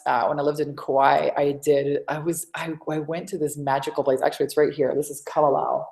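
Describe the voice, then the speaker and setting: A woman's voice: sits low, a little mellow. A woman hosting a live coaching webinar from home, chatty and rambling with lots of restarts. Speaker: sales coach and webinar host. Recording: echoey room.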